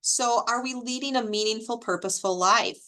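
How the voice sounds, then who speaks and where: A woman giving an informal educational talk on caregiving, chatty and animated, with personal stories and rhetorical questions. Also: a little high, fairly quick. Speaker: extension educator presenting a caregiving webinar.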